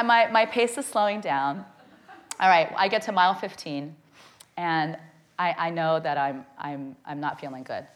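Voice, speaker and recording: Before a live crowd, a woman shares a humorous story from her own life in a mid-range voice. Her delivery is lively and self-deprecating, punctuated by "okay?" and "right?"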